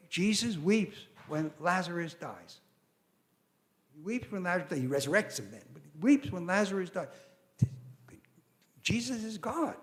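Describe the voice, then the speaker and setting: Older man, lecturer, animated storytelling, high-pitched, very expressive pitch. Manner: animated storytelling with quoted voices and asides. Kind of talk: academic lecture.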